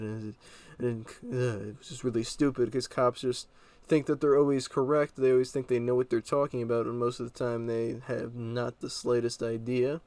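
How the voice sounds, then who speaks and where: A man's voice: mid-range voice, little pitch movement, moderate pace, a little mellow, no echo. A young man casually telling a story, rambling and exasperated with lots of fillers.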